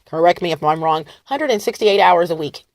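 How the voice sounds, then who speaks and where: Animated, defiant woman vlogger. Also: fairly low pitch, brisk, dry recording, clean studio sound. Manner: animated, defiant, laughing, swings loud and soft. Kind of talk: rambling talk to camera.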